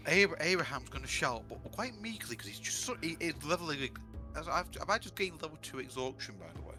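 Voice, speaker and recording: A man's voice: on the high side, expressive, a little fast, over music. A man playing a tabletop game, talking casually and a little hesitantly about his character's actions. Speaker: player.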